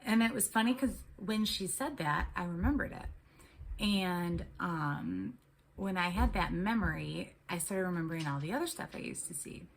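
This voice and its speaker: Woman, casual vlog storytelling, rambling, low-pitched, gravelly. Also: expressive, moderate pace. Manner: rambling, chatty, with many ums and restarts. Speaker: tarot and spirituality vlogger; mother of three.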